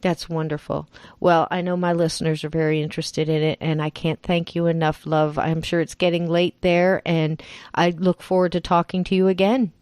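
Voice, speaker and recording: A woman podcast host from New Jersey, with a Jersey accent tinged with Southern, chatting warmly and laughing often in a remote interview. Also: fairly low pitch, little pitch movement, normal speed, smooth, no echo. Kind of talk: casual interview chat. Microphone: remote call.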